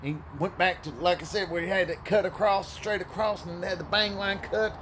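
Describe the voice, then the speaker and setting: A man telling a story with profane, sarcastic humor and a loose drawl. His voice sits high for a man, and faint noise runs underneath it. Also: fairly even intonation, moderate pace, fairly bright tone. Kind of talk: comic anecdote.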